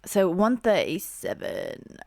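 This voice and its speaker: A woman's voice: medium pitch, very animated, slow, mellow, no room sound. Gushing young woman reacting to music. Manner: gushing, rambling with many fillers and restarts. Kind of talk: casual reaction commentary.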